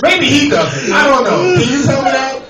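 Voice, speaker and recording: A man's voice: extremely high pitch, animated, moderate pace, very noisy. A young man with a New York accent doing a profane stand-up comedy set and riffing with the crowd. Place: comedy club with a laughing audience. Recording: echoey club from far off with crowd.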